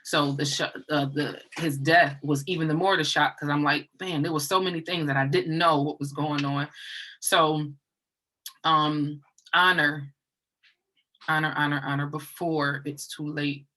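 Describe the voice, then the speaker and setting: A woman telling a personal story in casual conversation, earnest and halting, often repeating herself. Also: low voice, fairly even intonation, fairly bright tone, slight background noise, low-quality recording.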